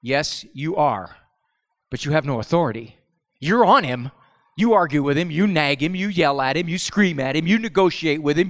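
Animated male speaker in a reverberant hall. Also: on the high side, normal speed. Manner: animated storyteller, acts out family voices. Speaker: speaker at a parenting talk. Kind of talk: humorous live talk.

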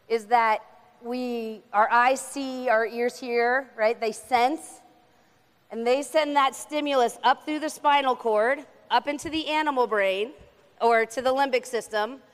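A young woman giving an animated faith-based talk on anxiety, acting out little voices as she explains. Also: fairly high pitch, measured pace, clean tone. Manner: animated, acts out voices of God and the brain. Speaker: speaker. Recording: reverberant hall.

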